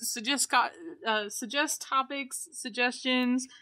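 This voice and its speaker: A young woman co-hosting a podcast in casual chat, playful and teasing, quick to laugh. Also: sits high, fairly even intonation, crowd noise. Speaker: podcast co-host.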